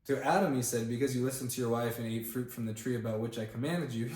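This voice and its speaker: A man reading a Bible chapter aloud on camera, pausing now and then to look up words and comment in a casual way. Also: mid-range voice, steady tone, darkish tone. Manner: reads aloud with plain emphasis, stops to look up words and comment. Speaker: Bible reader and channel host. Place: indoor room, filmed on camera. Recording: echoey room.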